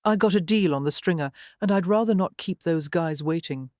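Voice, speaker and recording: A woman's voice: on the low side, a little fast, a little mellow, no room sound, clean studio sound, natural voice. A woman voicing a confident, teasing Texan businessman in an audiobook, with an easygoing, wry manner.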